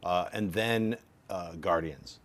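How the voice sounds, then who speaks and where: A man who is a writer-director, sitting on a casual movie panel and talking in an animated, rambling way. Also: low voice, slow.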